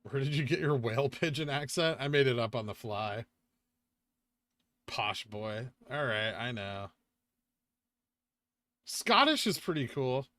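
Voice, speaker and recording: A man's voice: mid-range voice, expressive, moderate pace, fairly bright tone, dry recording. A man with a Californian accent, chatting casually while hosting a live trading stream and answering questions from chat. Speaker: livestream host.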